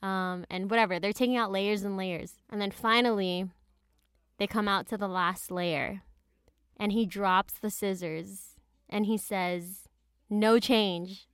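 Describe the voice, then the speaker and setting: Chatty woman podcaster with a smooth voice. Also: mid-range voice, steady tone, measured pace, a bit bright, no echo, clean studio sound. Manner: chatty, slangy storyteller with frequent asides. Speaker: podcast host. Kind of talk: casual podcast chat retelling a story. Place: closet at home.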